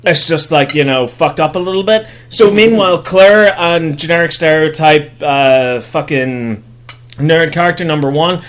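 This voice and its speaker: Speaking at a normal speed in a fairly high, fairly bright voice, this young man hosts a podcast. His film recap is sarcastic, profane, and comedic, with mock voices put on for the characters.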